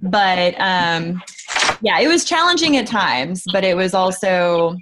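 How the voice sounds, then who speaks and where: A woman's voice: lowish voice, expressive, slow, noisy background. A woman, an actress guest, answering questions in a casual interview, rambling with many fillers.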